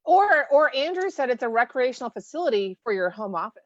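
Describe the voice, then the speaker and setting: A chatty, enthusiastic woman co-hosting an online call, with a fairly high voice. Her audio is dry and a little dull, like a typical video call. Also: big pitch swings, a little fast, dry recording. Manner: chatty, enthusiastic, greets each arrival. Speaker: co-host. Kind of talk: casual chat.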